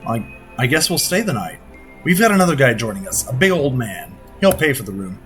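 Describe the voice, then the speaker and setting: A young British sky pirate hero, played by a man in an everyday voice, calm and decisive. His voice rises and falls in a lively way as he plans the next move. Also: medium pitch, brisk, soft background music. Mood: steady.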